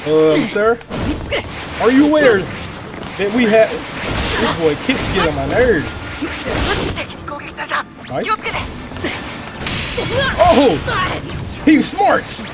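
Excitable trash-talking man over game music. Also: sits high, very slow, pauses often. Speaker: gaming channel host. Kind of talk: live gameplay commentary. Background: loud game music.

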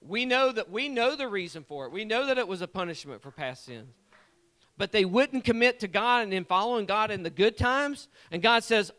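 This lay preacher, who doubles as the church guitarist, has a voice that sits high and a bit bright, and he talks at normal speed with animation. His sermon in the sanctuary is fervent and repetitive, and he addresses congregants by name.

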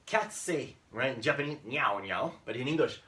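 A man's voice: mid-range voice, animated, normal speed, bright, forceful tone, distant mic. A man teaching English to Japanese learners in an online lesson, acting out sounds playfully and mixing in Japanese words.

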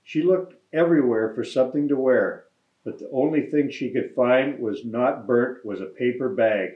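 A man, a mayor, reading a children's picture book aloud in a gentle, friendly storytelling manner. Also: mid-range voice, normal speed. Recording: echoey room, dull lo-fi sound.

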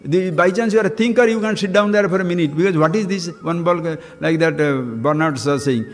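A man's voice: fairly high pitch, fairly quick. A man with an Indian English accent, giving a spiritual talk full of rhetorical questions and acted-out dialogue. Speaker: spiritual teacher. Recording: long hall reverb, faint music.

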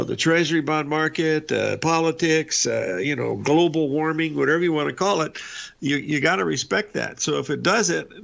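Gravelly older man, folksy rambling talk. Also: on the high side, a bit bright, muffled recording. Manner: rambling, folksy, many fillers and restarts. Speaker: trading show host. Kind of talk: live market commentary.

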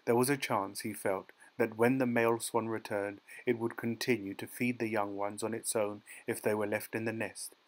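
A man narrating a dark short story as an audiobook, in a measured, dramatic storytelling manner. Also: on the low side, flat delivery, poor audio. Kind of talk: scripted narration.

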